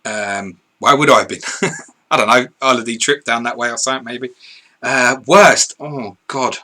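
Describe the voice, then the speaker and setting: A man's voice: medium pitch, normal speed, pushed and bright. A man, co-hosting a live stream, reading viewer questions and answering in blunt, sweary, casual chat. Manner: blunt, sweary, laughs easily.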